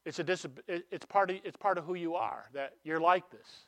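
A man preaching a sermon in a conversational way, asking rhetorical questions and swinging between emphatic and hushed delivery. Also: sits high, brisk.

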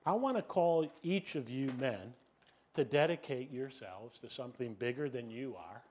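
Animated, self-mocking middle-aged preacher. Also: male voice, medium pitch, moderate pace. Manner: animated, self-deprecating, acts out voices, many "you know"s. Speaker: pastor. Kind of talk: sermon with personal storytelling.

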